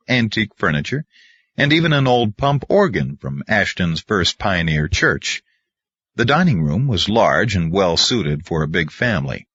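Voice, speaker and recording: A man's voice: on the low side, fairly bright tone, breathy edge, dry recording, highs cut off. A man narrating a novel as an audiobook reader in a storytelling manner. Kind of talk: scripted narration.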